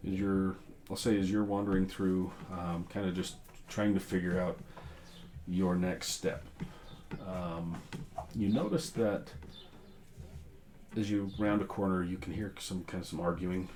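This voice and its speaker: A man narrating as game master in a relaxed, rambling way with many filler sounds. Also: low voice, measured pace, pauses often.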